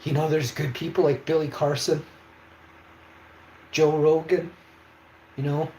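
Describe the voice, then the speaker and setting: A man's voice: on the high side, flat delivery, measured pace, mellow. A man hosting a livestream, talking in an emphatic, rambling way and often checking in with his viewers. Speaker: livestream host. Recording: echoey room, faint background noise.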